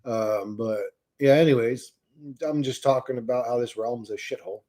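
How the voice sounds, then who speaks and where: A livestream host with a mellow, mid-range voice and a moderate pace speaks straight to his viewers in a heated, profane rant. He swears and mocks, chatting with people in the stream chat.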